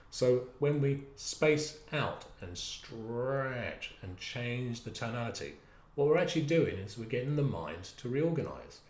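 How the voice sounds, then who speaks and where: Speaking in an echoey room, a mid-range male voice walks listeners through an exercise for managing stress, animated and coaxing as he draws out his words.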